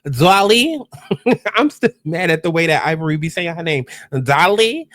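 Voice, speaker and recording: A man's voice: a little high, fairly quick, no room sound, studio quality. A man hosting a casual reaction commentary, chatty and exclamatory as he talks straight to his viewers. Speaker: host.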